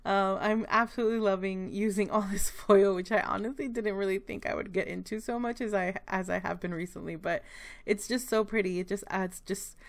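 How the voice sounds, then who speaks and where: A young woman narrating a planner vlog in a chatty, rambling way, her voice a bit hoarse and breaking. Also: medium pitch, fairly even intonation, a little fast. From Texas. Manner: chatty, rambling, with many fillers and restarts. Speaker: planner vlogger. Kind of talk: casual voice-over narration.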